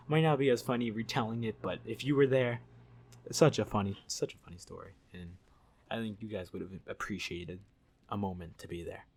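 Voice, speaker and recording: A man telling a story in a casual vlog, rambling, swearing and laughing as he goes. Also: lowish voice. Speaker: YouTube storyteller.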